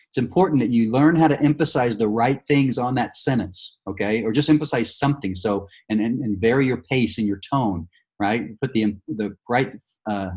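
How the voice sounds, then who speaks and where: A man coaching sales reps, walking them through a demo pitch in an upbeat, encouraging way with many fillers and restarts. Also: a little mellow, husky. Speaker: sales trainer.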